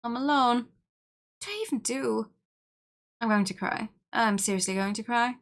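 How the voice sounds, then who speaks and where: A woman's voice: on the high side, normal speed, close to an everyday voice. A woman reading game dialogue aloud as a panicked young woman running a failing convention, pleading and frantic. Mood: despairing.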